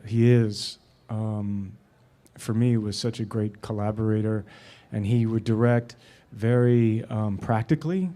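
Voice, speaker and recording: Halting, searching male storyteller. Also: on the low side. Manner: halting, many fillers and restarts; grows animated while telling a story. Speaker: actor telling an anecdote. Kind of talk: casual interview storytelling.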